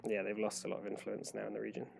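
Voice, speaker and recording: A man's voice: lowish voice, monotone, very fast, vocal fry, a little mellow, soft background music. A man narrating as game master, explaining things in a rambling way with many restarts.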